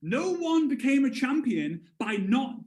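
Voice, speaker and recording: High-voiced, energetic man in an echoey room. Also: unhurried. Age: 30s. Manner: energetic storyteller, acts out voices with big jumps. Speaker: network marketing trainer. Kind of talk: live motivational sales training.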